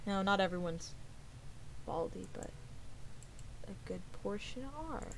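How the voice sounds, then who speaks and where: A woman's voice: medium pitch, steady tone, unhurried, gravelly, noisy background. A young woman chatting casually while she streams a game, swearing often and sometimes dropping to a whisper. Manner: swears a lot, drops to whispers. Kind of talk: casual let's-play chat.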